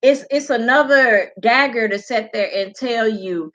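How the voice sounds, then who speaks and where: Woman livestream host, blunt and profane, bright voice, dull lo-fi audio. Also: a little high, a little slow. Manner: blunt, profane, animated ranting. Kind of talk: casual livestream commentary.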